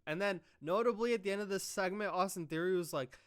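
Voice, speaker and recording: A young man casually recapping a wrestling show, excitable and full of fillers and swearing. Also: high-pitched, quick pace, hardly any pauses, smooth. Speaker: wrestling review host.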